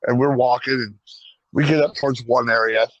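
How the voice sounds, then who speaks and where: A man on a podcast telling a profane, animated story, acting out the lines of the people in it. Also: medium pitch, brisk, dry recording, lo-fi sound. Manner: profane, animated retelling with acted-out quotes. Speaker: podcast co-host. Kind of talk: casual storytelling.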